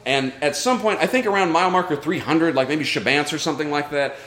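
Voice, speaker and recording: A man's voice: a little high, fast talker, fairly bright tone. A man telling a personal story live on stage, earnest and reflective in tone. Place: live show at a brewery. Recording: roomy live venue sound.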